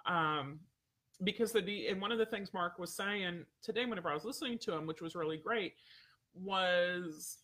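Bright high-voiced man chatting on a livestream. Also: normal speed. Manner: rambling, self-interrupting, many fillers. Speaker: dog trainer hosting a livestream. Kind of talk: casual livestream chat with viewers.

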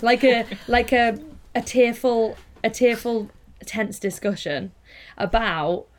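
A woman's voice: a little high, fairly even intonation, takes it slowly, slight background noise. Earnest woman, reflective podcast guest. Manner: earnest, reflective, casual swearing. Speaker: guest activist. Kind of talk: casual podcast chat.

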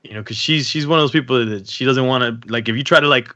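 A man chatting casually on a podcast, telling lively stories and swearing freely, often acting out other people in a squeaky falsetto. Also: quick pace, no room sound, muffled recording. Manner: animated storyteller, acts out voices in high falsetto. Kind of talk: casual chat.

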